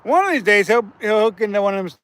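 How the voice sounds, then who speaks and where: A man's voice: sits high, lively intonation, fast, fairly bright tone. A man hosting a casual fishing livestream from outdoors by a river, chatting with viewers and laughing often.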